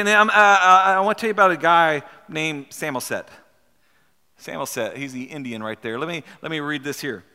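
Halting preacher in a reverberant hall. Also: male voice, on the high side, pushed and bright. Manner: halting, repeats words, asks rhetorical questions. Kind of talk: storytelling sermon with read-aloud passages.

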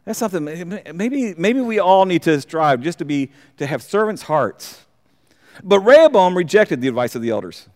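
A man with a slightly raised voice leads a Bible study, reading passages and then explaining them in a halting way, often stopping to restart his sentences. His voice rings out with a long hall reverb behind it. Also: high-pitched, sing-song, a little mellow. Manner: halting, repeats words, reads scripture aloud and comments. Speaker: Bible teacher. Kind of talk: verse-by-verse Bible study teaching.

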